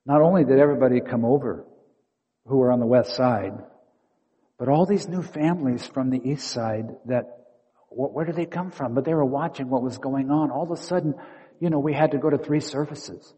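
A man preaches to fellow pastors, telling stories and acting out inner dialogue, one moment hushed and the next loud. His voice is dark and mellow, mid-pitched, and it carries with a long echo through a large sanctuary. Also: normal speed, lo-fi sound. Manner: storytelling, acting out inner dialogue with shifting loudness. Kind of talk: sermon. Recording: long hall reverb.

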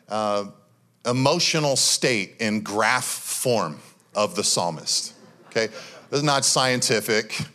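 Bright-voiced man preaching conversationally. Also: medium pitch. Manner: conversational, animated preaching with fillers. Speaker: pastor. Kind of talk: sermon. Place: church.

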